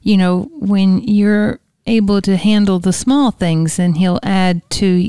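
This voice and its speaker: A woman's voice: medium pitch, takes it slowly, dark tone, smooth, dry recording, clean studio sound. A woman co-hosting a faith talk show, encouraging and quoting scripture.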